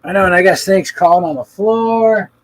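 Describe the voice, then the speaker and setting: A man hosting a reptile breeder's live stream, chatting with callers in loud, teasing, swearing banter. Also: high voice, moderate pace, no echo, rough recording. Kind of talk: casual chat with callers.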